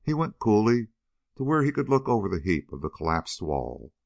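A man narrates an adventure novel in a steady, expressive reading. His voice is very low and gravelly, with lively swings of pitch. The recording is dry and close, with no room sound. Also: normal speed, no echo. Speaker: audiobook reader.

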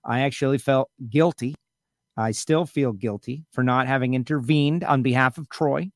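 A man's voice: mid-range voice, moderate pace, no room sound, clean studio sound. A man hosting a radio talk show, chatting casually and teasing his co-host with rambling asides.

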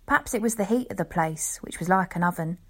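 A woman's voice: fairly low pitch, fairly bright tone, breathy edge. Woman reading as a leisurely old lion tamer. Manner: rambling, folksy, unhurried telling. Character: old male lion tamer, leisurely pipe-smoking storyteller.

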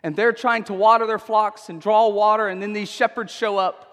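A man's voice: high-pitched, flat delivery, moderate pace, a bit bright, long reverb tail. A male pastor preaching a sermon in a church, conversational and emphatic, often checking in with "okay?". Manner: conversational, emphatic, frequent tag questions.

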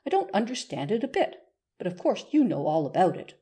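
A woman's voice: medium pitch, sing-song, brisk, dark tone, breathy edge. A woman reading aloud, voicing a playful young woman who teases and mimics others in a storybook. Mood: teasing. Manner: teasing, mock-earnest.

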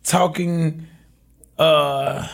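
Young guy on a podcast, raspy gravelly voice, laughs a lot telling stories. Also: on the high side, very slow. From Chicago. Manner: laid-back, laughing, animated storytelling. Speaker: podcast guest. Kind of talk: casual conversation.

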